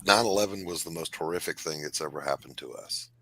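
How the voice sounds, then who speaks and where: A man who talks emphatically and with strong opinions. His voice is very deep, yet bright and forceful in tone. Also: quick pace, a little hiss or hum. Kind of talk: casual chat.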